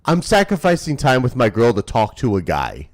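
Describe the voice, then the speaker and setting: A man's voice: huge pitch swings, normal speed. Rowdy profane male streamer in his thirties. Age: 30s. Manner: rowdy, profane, teasing, swings between loud shouts and low mumbles. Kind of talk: casual live-stream chat.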